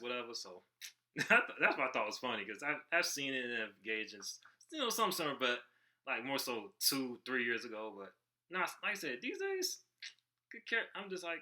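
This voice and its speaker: A man's voice: mid-range voice, big pitch swings, normal speed, pushed and bright. A man hosting a reaction video, commenting casually with frequent laughs and stammered restarts.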